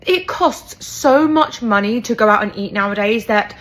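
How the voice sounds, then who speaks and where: A woman's voice: mid-range voice, normal speed, a bit bright. A woman from the UK with a British accent, talking casually to camera and comparing habits with amused exasperation. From United Kingdom.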